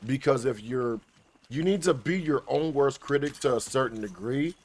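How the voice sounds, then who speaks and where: A man's voice: mid-range voice, normal speed, a little mellow. Laid-back man talking while gaming. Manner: laid-back, swears and trash-talks the game. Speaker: gaming guide creator. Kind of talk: casual commentary while playing.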